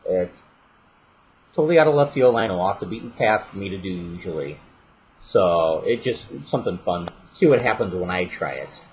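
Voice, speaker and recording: Low-voiced Midwestern man from St. Louis. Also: normal speed, rough recording. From St. Louis area, Missouri. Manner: relaxed, chatty, self-deprecating asides. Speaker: vlogger and voiceover artist. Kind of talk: casual on-camera word-list reading.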